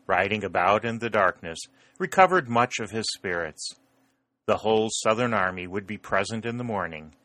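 A man reading a historical novel aloud as an audiobook narrator, in a measured storytelling delivery. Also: sits low, sharp tone, no room sound.

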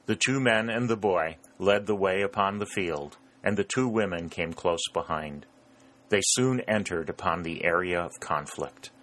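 A man reading a historical novel aloud as an audiobook narrator, in a steady, measured way. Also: deep voice. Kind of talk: scripted narration.

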